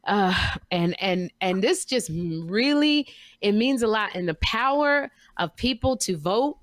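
A woman's voice: mid-range voice, animated, a little slow, no echo, studio quality. A middle-aged woman co-hosting a podcast, gushing and exclaiming in casual chat. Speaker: podcast co-host.

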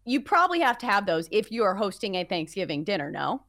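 A woman's voice: mid-range voice, very animated, fast, fairly bright tone, dry recording, studio quality. Chatty female sports show host. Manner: chatty, playful, leads the segment. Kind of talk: casual sports radio chat.

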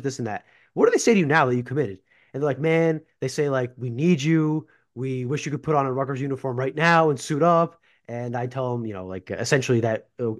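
A man co-hosting a casual sports podcast as a beat reporter, joking at his own expense with plenty of fillers. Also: mid-range voice. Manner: quick, self-deprecating, with fillers.

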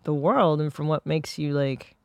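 A woman's voice: low voice, moderate pace, darkish tone, no echo, studio quality. A woman in casual podcast chat, rambling and musing, laughing easily.

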